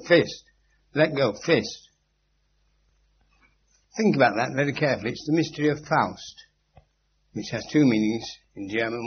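Man lecturing on a muffled tape. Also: medium pitch. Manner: emphatic and instructive, with dry witty asides and repeated key phrases. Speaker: spiritual teacher lecturing a group. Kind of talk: informal philosophical lecture. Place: meeting room with a live audience. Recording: muffled 1980s lecture tape with faint hum.

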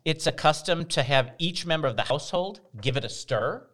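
Podcast co-host, woman, animated pitch, chatty and giggly. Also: fairly quick. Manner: laughs easily, reads a list with asides. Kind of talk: casual group chat.

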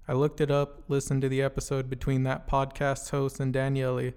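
A man's voice: mid-range voice, completely flat delivery, fairly quick, darkish tone, clear, resonant tone. A man hosting a podcast, reading an earnest scripted introduction. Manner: earnest, read-from-script delivery. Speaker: podcast host.

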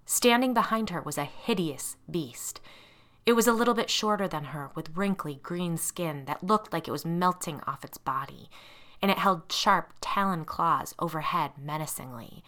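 A woman narrating a scary children's story in an expressive storytelling style. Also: on the low side, moderate pace.

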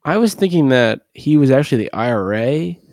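A man co-hosting a podcast, chatting casually about a film and retelling its scenes through quick quoted snippets full of "like". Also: mid-range voice, animated, darkish tone, no room sound, clean studio sound. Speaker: podcast co-host. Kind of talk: casual movie discussion.

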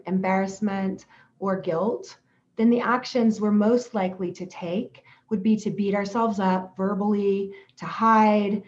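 A woman speaking in a gentle, reflective and steady way, giving a calm self-help talk about self-compassion. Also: mid-range voice. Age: adult parent. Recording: slightly dull lo-fi audio.

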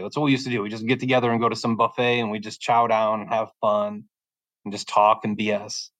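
Halting, emotional man, dry close sound. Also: mid-range voice, little pitch movement, no echo, rough recording. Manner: halting and emotional, repeating words as he restarts. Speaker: podcast guest giving testimony. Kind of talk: personal faith testimony, conversational.

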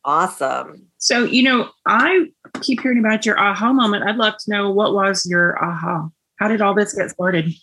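A woman hosting a podcast, asking her guest questions in a measured way. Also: mid-range voice, expressive, bright, forceful tone, slight background noise. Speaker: podcast host. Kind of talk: interview questions.

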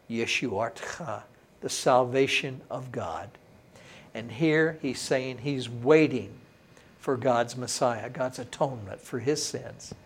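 Pastor guy preaching, fairly high voice, goes quiet and awed then loud and punchy, folksy talk. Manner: animated, swings from hushed awe to emphatic; folksy, conversational. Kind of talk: sermon teaching.

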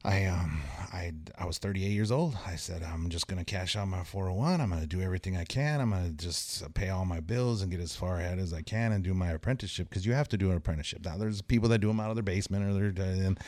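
A man in his forties, a guest on a podcast, telling stories in a rambling, halting way with many fillers and restarts. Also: low-pitched, a little mellow, no echo. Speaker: podcast guest, tattoo artist. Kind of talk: casual storytelling chat.

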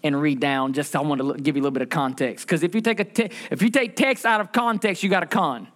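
A male pastor preaching a sermon, calling out questions to the congregation and repeating phrases, slowing down and rising in pitch to stress scripture. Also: fairly bright tone. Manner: preaching with call-and-response questions and repetition; slows and rises in pitch for emphasis when reading scripture.

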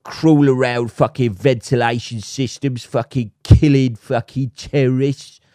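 A man voicing a brash, macho lad who brags loudly, swears constantly and keeps calling people mate. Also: medium pitch, fairly even intonation, a little slow, no echo, studio quality, natural voice. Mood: boastful. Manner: loud, swaggering, sweary, says "mate" a lot. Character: brash macho British lad bragging about action films.

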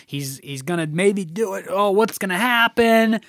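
Animated man breaking down a play. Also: unhurried, vocal fry, dry recording, clean studio sound. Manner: animated, acts out quoted lines with big pitch jumps. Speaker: co-host discussing a play. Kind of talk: casual analytical discussion.

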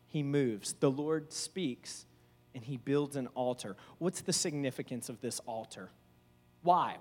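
A man with a high, light voice delivers a conversational sermon in a large, echoing hall. His delivery is animated, and he slips into acted-out voices for quoted speech before returning to plain teaching. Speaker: preacher.

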